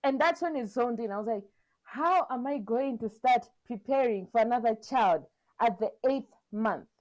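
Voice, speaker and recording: A young woman co-hosting a podcast, chatting casually and telling her story with animated quotes and frequent laughs. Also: a little high, moderate pace. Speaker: podcast co-host.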